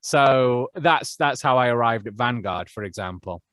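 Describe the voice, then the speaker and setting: A man's voice: medium pitch, lively intonation, moderate pace, a bit bright, clear, resonant tone, dry recording. A young man who narrates audiobooks, talking casually as a podcast guest and thinking aloud with frequent restarts. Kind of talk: casual interview chat.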